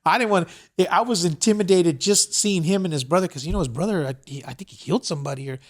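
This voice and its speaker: A male podcast host with a fairly high voice rambles through a long story in relaxed, casual conversation. He leans on "you know" and "whatever" as he goes and keeps circling back to his point. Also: quick pace. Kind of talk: casual chat.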